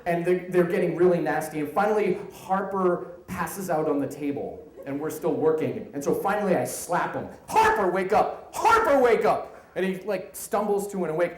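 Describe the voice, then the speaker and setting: A man in his thirties telling a comic work story live on stage, animated, acting out the people in it. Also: a little high, normal speed, few pauses, echoey room, a little hiss or hum, rough recording. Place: stage in a venue.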